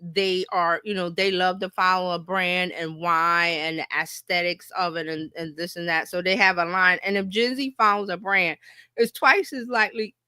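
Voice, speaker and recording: A middle-aged woman marketing coach giving a lively workshop presentation, talking breezily and filling gaps with a playful "da, da, da.". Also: lowish voice, normal speed, clear, resonant tone, no room sound, clean studio sound.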